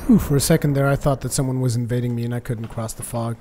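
A man doing joking, sarcastic gameplay commentary, getting excited during fights. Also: medium pitch, quick pace, noisy background. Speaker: let's play commentator.

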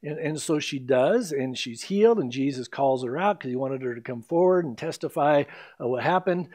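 A man preaching an expository sermon as pastor, telling the story with animated energy and acting out the quoted lines. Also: mid-range voice, normal speed. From United States.

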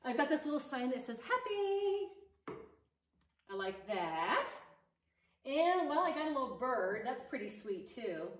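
An enthusiastic woman with a fairly high voice chats about her decor projects while arranging them. She sits back from the mic in an echoey room, with a faint hiss behind her. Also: very animated, normal speed. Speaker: home decor DIY vlogger. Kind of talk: chatty decorating vlog. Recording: roomy echo, distant mic, faint noise.

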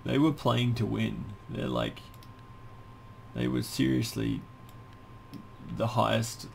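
A man chatting excitedly with his squad over voice chat while gaming, often laughing. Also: mid-range voice, slow, creaky, slight background noise. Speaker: gamer streaming with his squad. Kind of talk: casual gaming banter.

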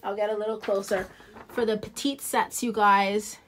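Speaking with fairly even intonation at a moderate pace, this medium-pitched, New Jersey-accented woman sells nail products independently. During a casual live showcase, with a little hiss or hum, she chats to viewers, rambling and laughing readily.

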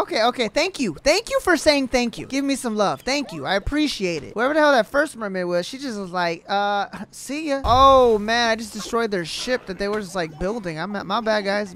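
A young man giving slangy, excitable, trash-talking commentary while playing a video game. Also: high-pitched. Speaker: gaming YouTuber. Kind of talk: gameplay commentary. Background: game music.

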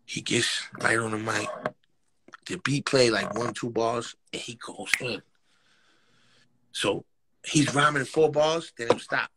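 Speaking slowly and pausing often, a medium-pitched rapper with a New York accent tells street stories in a casual interview, with background noise audible. He's animated, uses plenty of slang, acts out quotes, and laughs frequently.

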